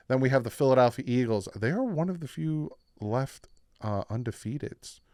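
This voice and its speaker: A man giving his weekly football picks in a casual, animated talk, jumping up in pitch and volume when something surprises him. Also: dry recording, studio quality. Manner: animated, with sudden jumps in pitch and loudness. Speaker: sports picks YouTuber. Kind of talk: casual sports prediction talk.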